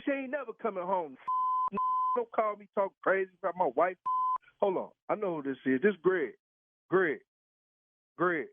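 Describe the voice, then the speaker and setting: A man's voice: sits high, lively intonation, measured pace, long pauses, no echo. A man on a phone call, blunt and profane, firing the same questions again and again. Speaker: prank call target. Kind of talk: heated phone conversation. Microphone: telephone. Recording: tinny phone line.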